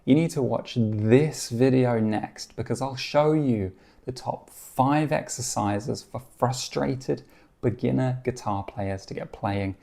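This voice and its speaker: A man gives a guitar lesson in a gravelly, mellow voice. He explains calmly and encouragingly, counting out beats and singing short bits of melody to demonstrate. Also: medium pitch, takes it slowly. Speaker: guitar teacher.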